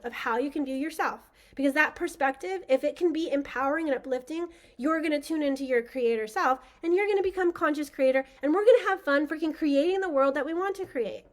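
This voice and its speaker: A woman with a high, light voice leads a spiritual session. She talks casually and with enthusiasm, rambling and circling back with plenty of fillers as she teaches. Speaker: spiritual workshop host.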